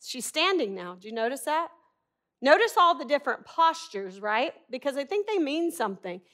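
Bright-voiced middle-aged woman preaching. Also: sits high, very animated, normal speed. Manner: conversational, humorous, emphatic preaching. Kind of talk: sermon.

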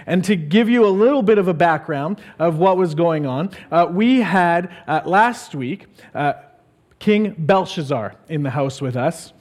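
A man's voice: a little high, expressive, unhurried, a little mellow. A male pastor giving a casual, jokey sermon, rambling with many fillers.

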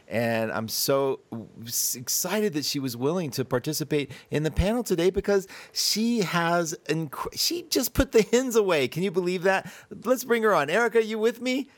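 A man's voice: a little high, no echo. Chatty rambling man hosting a panel. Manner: chatty, rambling, laughs often. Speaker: host. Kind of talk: casual panel chat. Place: Colorado mountains.

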